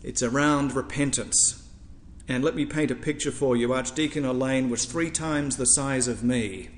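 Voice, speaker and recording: Priest guy giving a sermon, piles up lists for emphasis, middle pitch, echoey church hall. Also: moderate pace, a little hiss or hum. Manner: rhetorical, building emphasis with lists.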